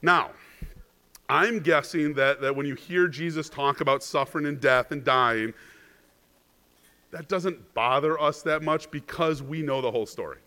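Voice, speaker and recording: Bright-voiced man preaching conversationally. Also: a little high, unhurried. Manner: chatty, asks the congregation "right?"; restarts words when stressing a point. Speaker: pastor. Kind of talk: conversational sermon.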